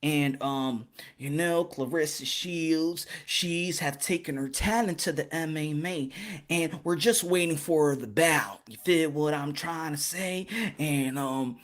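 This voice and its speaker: A man putting on a calm, soft-spoken preacher's tone for a mock-polite boxing rundown, hushed and low-energy. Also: takes it slowly. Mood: subdued.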